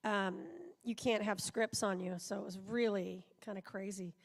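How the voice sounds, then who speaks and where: A woman's voice: mid-range voice, steady tone, normal speed, gravelly. A woman voice actor telling rambling anecdotes at a live panel interview in a large convention auditorium. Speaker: voice actor guest. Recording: live hall sound, long reverb.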